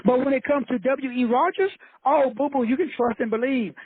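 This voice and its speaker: A man's voice: very high voice, a little fast, breathy edge, dry recording. A man giving a fiery motivational lecture, preachy and blunt, repeating his points with profanity. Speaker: motivational teacher. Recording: tinny phone-like dry sound.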